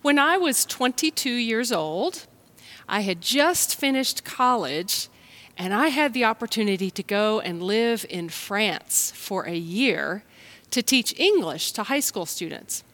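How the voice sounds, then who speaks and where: A woman from the United States, a pastor, giving a gentle, unhurried children's message and sermon for an online service. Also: on the high side, animated.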